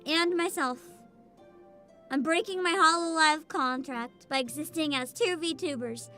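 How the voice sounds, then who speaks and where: A woman VTuber chatting casually with her livestream viewers in a high, youthful voice, bubbly and animated, with frequent swearing. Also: measured pace, faint music behind. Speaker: VTuber streamer.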